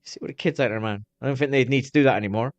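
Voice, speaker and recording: A man's voice: mid-range voice, very fast, dry recording, muffled recording. A man chatting loosely on a live stream while watching videos, swearing freely as he rambles.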